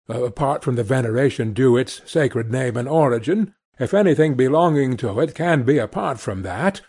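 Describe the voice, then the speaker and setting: A man voicing Scrooge's cheerful, warm-hearted young nephew in an audiobook reading, speaking earnestly and with passion. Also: a little high, slightly rough, full character voice. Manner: earnest, impassioned.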